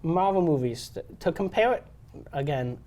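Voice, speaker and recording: A man's voice: a little high, animated, moderate pace, dark tone. A young man co-hosting a podcast, chatting casually and enthusiastically about a movie, full of "like" and "um". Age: young adult. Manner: enthusiastic, filler-heavy with lots of "like" and "um". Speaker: podcast co-host. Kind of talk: casual film discussion chat.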